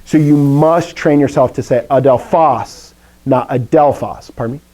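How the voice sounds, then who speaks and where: Man teaching a lively classroom lesson. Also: a little high, a little fast. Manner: lively, explaining step by step, jokey asides. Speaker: Greek teacher. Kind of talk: classroom lecture.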